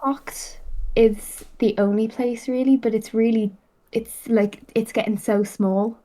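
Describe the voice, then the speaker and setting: A woman's voice: fairly high pitch, fairly even intonation, unhurried, mellow, low-quality recording. A young Irish woman in casual podcast chat, rambling and chatty with lots of fillers. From Ireland. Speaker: podcast host.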